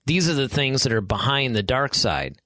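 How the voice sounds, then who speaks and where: A man with a medium voice, chatting casually as a podcast co-host. He thinks out loud, weighing each point as he goes. The sound is dry and close to the mic. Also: mid-range voice, big pitch swings, moderate pace, dry recording. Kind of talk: casual chat.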